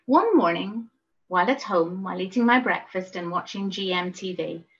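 A woman's voice: lowish voice, animated, moderate pace, fairly bright tone, highs cut off. Woman telling a memoir. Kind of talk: memoir storytelling.

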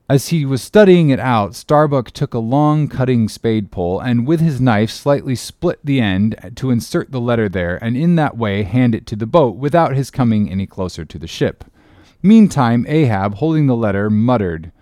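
A man narrates an old novel with a lively, rising and falling pitch and a measured pace. The recording is dry and close, with no room sound. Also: dry recording. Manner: measured, expressive storytelling. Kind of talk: audiobook reading of a classic novel.

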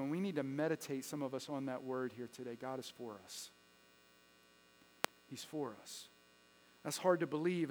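High-voiced pastor preaching in a hall. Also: male voice. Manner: preaching with sudden swings from hushed to loud. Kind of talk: sermon. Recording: long echo of a hall with mains hum.

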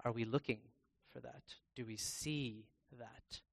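Guy giving a sermon, talks it through casually, restarts a lot, reads verses out loud. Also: medium pitch, unhurried, gravelly. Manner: conversational, with many restarts and fillers, reads scripture aloud; bursts into loud, excited acted-out exclamations. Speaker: preacher.

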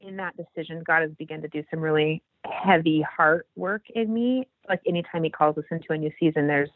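A woman guest telling a faith story in casual talk, acting out the quoted lines with animated jumps in her voice. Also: fairly quick, dry recording. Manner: animated, acts out quoted dialogue with big pitch jumps. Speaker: podcast guest. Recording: dry, tinny phone-like line.

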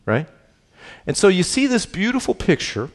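Guy preaching a bible study, keeps asking "right?", goes quiet then gets worked up. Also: high-pitched, moderate pace. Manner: questioning, checks in with "right?"; swings between hushed and animated. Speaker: pastor teaching a Bible study. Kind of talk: conversational sermon.

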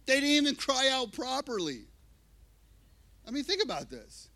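A man preaching a sermon, animated and emphatic, shifting between hushed and loud delivery. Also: extremely high pitch, moderate pace, vocal fry, pauses often. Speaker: pastor. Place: church.

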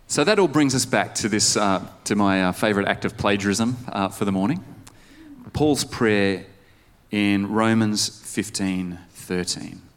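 A man's voice: fairly low pitch, a little slow. A male pastor preaching a conversational sermon, putting questions to the congregation. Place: church service.

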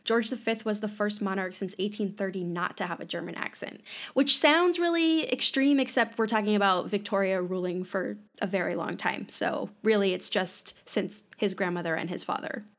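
A woman's voice: mid-range voice, moderate pace, fairly bright tone. A woman co-hosting a casual history podcast, explaining at length with many fillers like "you know" and "like". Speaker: podcast co-host.

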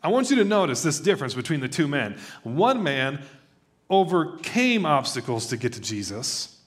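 A man preaching a sermon in a conversational, animated way, acting out quoted voices as he tells stories. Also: a little high, normal speed. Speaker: pastor.

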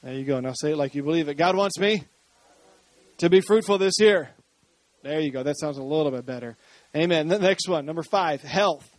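High-voiced male pastor preaching. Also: no echo. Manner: preaching with rising energy, joking with the congregation. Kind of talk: sermon.

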